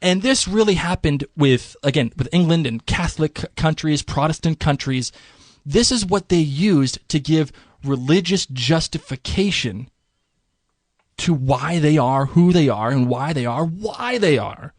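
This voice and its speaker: Guy on a podcast walking through history, kinda high voice, dry close mic, loose and jokey. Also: measured pace, no room sound. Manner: chatty, lively, slips into mock voices for laughs. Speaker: podcast co-host. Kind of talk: casual history explainer.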